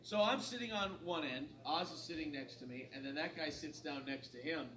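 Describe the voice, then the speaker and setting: Fairly quick and on the high side, the host of a morning radio show tells a bar tale in relaxed chat, animatedly impersonating the people he quotes. Captured from a distance in the studio, the sound is roomy with a crowd behind and a little hiss or hum.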